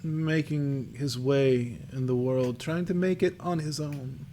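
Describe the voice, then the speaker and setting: A man's voice: medium pitch, takes it slowly, mellow, natural voice. A man voicing an old, bent fortune-teller woman with a crackling, dry voice, speaking in cryptic pronouncements.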